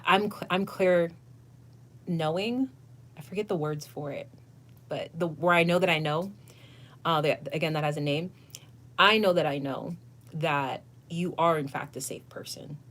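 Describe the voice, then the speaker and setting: A woman's voice: deep voice, a little hiss or hum. A woman hosting a casual tarot livestream, answering viewers in an effusive, gushing way, laughing often and swearing now and then. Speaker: tarot reader and channel host.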